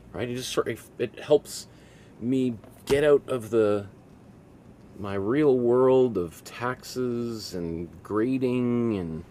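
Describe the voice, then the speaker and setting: A middle-aged man giving a relaxed painting lesson, thinking aloud as he works, rambling with restarts and soft laughs. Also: mid-range voice, a little hiss or hum. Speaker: art teacher.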